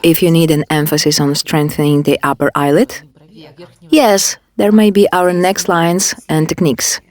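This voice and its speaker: A woman demonstrating a facial care technique, giving calm step-by-step instructions. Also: deep voice, normal speed. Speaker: beauty device instructor.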